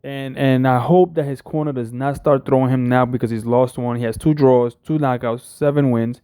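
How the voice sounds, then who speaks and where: A man's voice: mid-range voice, steady tone, moderate pace, dark tone, smooth, no echo, studio quality. A man hosting a boxing talk show, giving casual, rambling commentary full of fillers and restarts.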